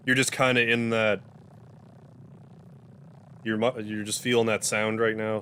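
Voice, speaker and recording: A man hosting a gaming livestream, chatting loosely while playing and cooing softly at his cat. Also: on the low side, fairly even intonation, normal speed, long pauses, slight background noise. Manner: rambling, loose, full of "like"; softens to a coo when talking to his cat. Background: game music.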